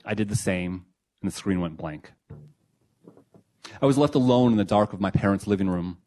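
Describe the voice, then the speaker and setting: Reflective low-voiced man reading a memoir. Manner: reflective, measured, quietly emotional. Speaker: narrator of his own memoir essay. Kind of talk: first-person memoir reading.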